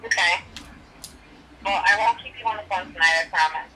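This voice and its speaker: A woman's voice: lowish voice, brisk, sharp tone, rough recording. A woman in casual chat, telling a story in a rambling, giggly way.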